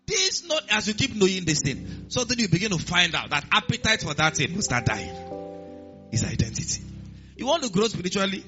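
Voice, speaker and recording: Man preaching a sermon, kinda high voice, muffled recording, music going behind him. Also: brisk. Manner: lively, emphatic preaching with repeated refrains. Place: church.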